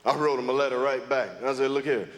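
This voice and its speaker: A man's voice: medium pitch, fairly even intonation, fast talker. A man from the United States doing a stand-up comedy set on stage, talking in a drawling way with many fillers. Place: comedy club stage, live audience. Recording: live hall with crowd and noise.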